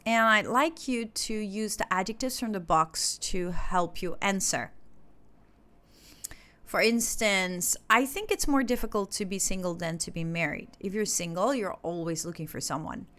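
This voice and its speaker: A woman's voice: mid-range voice, fairly bright tone. Woman teaching an English lesson. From Indonesia. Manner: instructive, explains step by step. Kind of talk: recorded online lesson.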